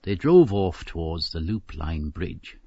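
A man narrating a scripted drama in a calm, measured way. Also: low-pitched, breathy edge, no room sound. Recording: dull lo-fi radio drama recording.

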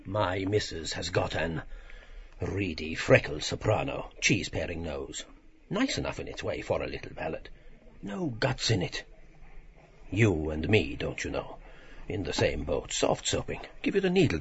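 A man's voice: deep voice, very animated, normal speed, a little hiss or hum. An actor playing a mild, wistful man who muses and hesitates. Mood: musing. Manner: musing, hesitant, rambling inner talk. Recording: dull lo-fi radio drama recording.

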